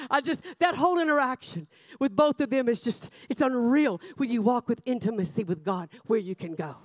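A woman preacher, delivering a revival sermon that swings between shouted passages and hushed asides. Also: a little high, expressive, moderate pace, no room sound, clean studio sound.

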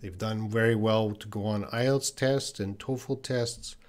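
Man drilling English pronunciation live. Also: on the low side. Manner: repeats phrases slowly for pronunciation drills; relaxed, thinks aloud with fillers. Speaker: English teacher. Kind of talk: live-streamed lesson answering chat comments.

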